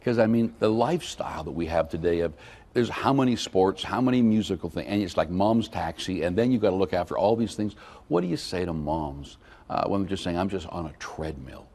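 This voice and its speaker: A man's voice: sits low, animated. A man hosting a faith talk show, prompting his guest with friendly questions. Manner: warm, prompting, quick to laugh along. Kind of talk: interview questions.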